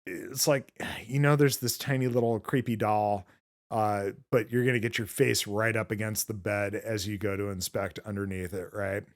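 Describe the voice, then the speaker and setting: A man's voice: on the low side, fairly even intonation, normal speed. Loose, swearing podcast host man. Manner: rambling, swears freely, many filler words. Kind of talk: casual film recap chat.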